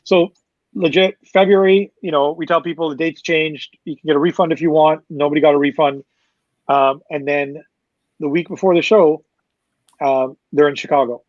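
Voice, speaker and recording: A man who works as a concert promoter, telling a loose, fast, profane backstage story as a guest. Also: on the high side, steady tone, no room sound, highs cut off. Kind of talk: casual storytelling.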